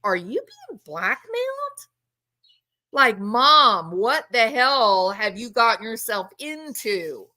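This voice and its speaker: A woman's voice: on the high side, expressive, takes it slowly, hardly any pauses, pushed and bright, exaggerated voice. A woman mimicking a bewildered grown son who stammers incredulous questions at his mother.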